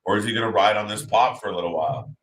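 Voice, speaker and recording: Man, live reaction host, low pitch, bright forceful tone, chatty, addresses viewers. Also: racing. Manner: chatty, talks to chat viewers by name. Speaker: watch party host.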